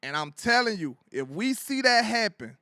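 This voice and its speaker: A man hosting his own sports commentary show, ranting in an animated, slangy way and laughing as he goes. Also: high voice, normal speed, clean tone, no echo, studio quality.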